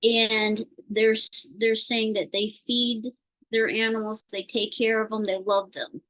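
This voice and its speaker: A woman chatting casually on a video call, telling a worried story in a rambling, halting way with many fillers. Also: fairly high pitch, level tone, a bit bright, rough recording. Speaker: participant sharing a concern.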